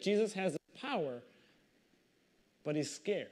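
Male pastor, slightly high voice, animated reading and sermon commentary. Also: a little slow. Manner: animated storytelling, reads scripture then comments conversationally.

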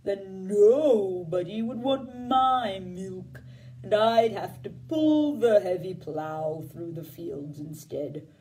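A woman voicing a worried dairy cow in a storybook, low and drawn out. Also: slow pace, warm tone, distant mic, slight background noise, lightly acted. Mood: fretful.

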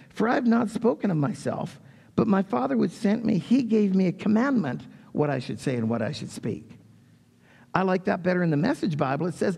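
A pastor delivers a sermon in a high, husky voice with a gravelly edge, ranging widely and energetically in pitch. He reads scripture, then retells the story with animation, raising his voice for the quoted lines. A long reverb carries his words through the sanctuary.

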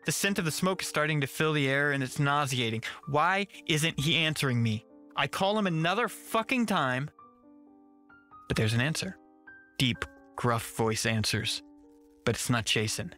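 A man narrating a first-person horror story with a tense, measured reading. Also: fairly high pitch, lively intonation, bright, forceful tone, faint music behind.

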